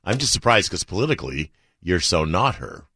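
A man's voice: low-pitched, very animated, fairly quick, bright, forceful tone, breathy edge, no echo. A man co-hosting a radio show, chatting casually, laughing often and adding dry quips.

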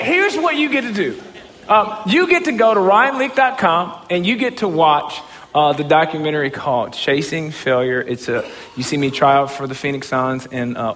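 Excitable guy telling a story onstage, high voice, lots of stammering, big echoey hall. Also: slight background noise. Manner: animated, jumps from low murmurs to excited shouts; stammers and repeats words when excited. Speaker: motivational speaker. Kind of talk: storytelling talk on stage.

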